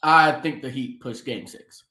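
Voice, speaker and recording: A man's voice: mid-range voice, unhurried, pushed and bright. A man from Atlanta co-hosting a casual sports talk show, riffing playfully on jokes and laughing easily. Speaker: co-host. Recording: echoey room.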